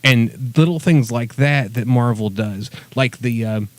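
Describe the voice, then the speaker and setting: A man's voice: medium pitch, measured pace, dry recording. Opinionated man arguing a point, dry sound. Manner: opinionated, lays out arguments at length. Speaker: podcast co-host. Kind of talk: casual chat.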